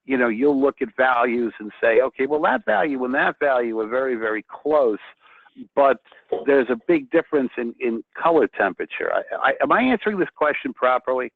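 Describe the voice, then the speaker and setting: A man speaking as a guest painter in a casual chat, excitable and often restarting his sentences. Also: medium pitch, a little fast, vocal fry, no echo. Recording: tinny phone-like line, dry.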